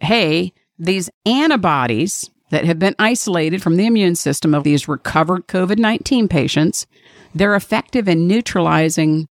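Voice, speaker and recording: A woman's voice: lowish voice, dry recording, studio quality. A woman hosting a podcast, giving blunt, sarcastic commentary with heavy swearing. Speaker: podcast host. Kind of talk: casual opinionated commentary.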